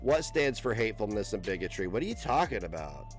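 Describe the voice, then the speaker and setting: Very animated and fairly quick, this man vents at his critics during a live stream, with faint music playing behind him. His rant is profane, combative and mocking, broken up by bursts of high-pitched laughter.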